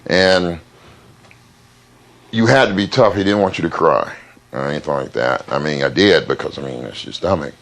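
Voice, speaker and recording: Deep-voiced man telling a hard story. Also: animated, vocal fry, fairly bright tone. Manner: plain-spoken, halting with fillers and repeats. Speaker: interview guest. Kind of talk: candid interview storytelling.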